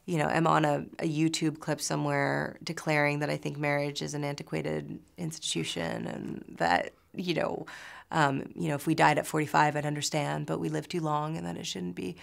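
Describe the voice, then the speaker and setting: Low, gravelly-voiced woman chatting. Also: little pitch movement, moderate pace. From New York. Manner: chatty, many fillers and restarts. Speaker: actress, interview guest. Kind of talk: casual interview answers.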